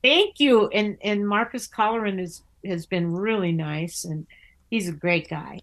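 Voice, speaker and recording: A woman's voice: mid-range voice, unhurried. An older woman, a theatre actor and author, chatting in an interview and telling stories with many restarts. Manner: chatty storyteller with many restarts, acting out other voices. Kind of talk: casual interview chat.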